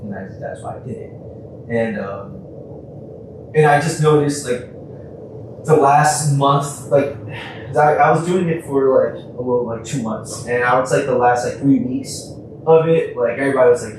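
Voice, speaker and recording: A man's voice: medium pitch, normal speed, noisy background. A young man talking casually as a podcast guest, laid-back and profane, laughing often. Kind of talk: casual conversation. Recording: echoey room, voice from far off.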